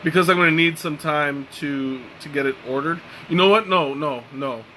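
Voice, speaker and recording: A tired, relaxed man hosting a live tea-tasting stream, chatting casually and rambling with lots of fillers and restarts. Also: fairly high pitch, normal speed, slight background noise, rough recording. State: tired and mellow. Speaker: tea livestream host.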